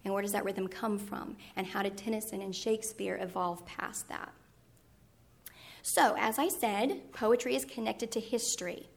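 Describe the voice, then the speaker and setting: A woman's voice: mid-range voice, moderate pace, creaky. A middle-aged woman teaching Latin poetry and history in a presentation, explaining patiently and sometimes correcting herself. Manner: explanatory, with occasional self-corrections. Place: presentation room with a screen.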